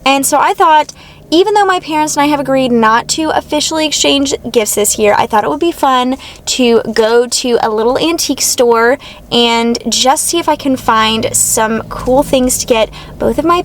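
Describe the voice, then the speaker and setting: A woman's voice: on the high side, slight background noise. A young woman, chatting enthusiastically to camera as a vlogger. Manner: chatty and enthusiastic, gushing over finds. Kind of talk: casual vlog chat.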